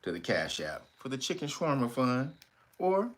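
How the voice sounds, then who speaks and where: A middle-aged man hosting a casual livestream, loud and joking, laughing often and jumping into high playful voices. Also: big pitch swings, normal speed. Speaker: livestream host.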